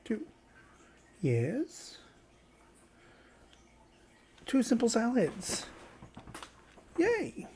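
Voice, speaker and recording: A woman's voice: on the high side, very animated, slow pace, creaky, pauses often, dark tone, a little hiss or hum. A woman hosting a casual let's play, chatting playfully and reading game dialogue aloud. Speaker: gaming channel host.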